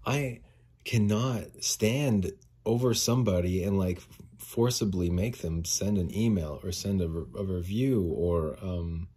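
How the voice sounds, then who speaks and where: Male podcast host with a dark, mellow, low voice; rambling, profane, out-of-breath rant. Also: unhurried, husky. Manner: frustrated, swearing, rambling. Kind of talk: casual solo rant.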